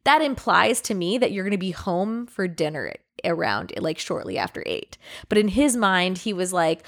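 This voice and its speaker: A woman's voice: fairly low pitch, sing-song, moderate pace. Chatty young woman telling a rambling story. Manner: rambling storytelling with frequent "like" and swearing. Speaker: podcast co-host. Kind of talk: casual chat.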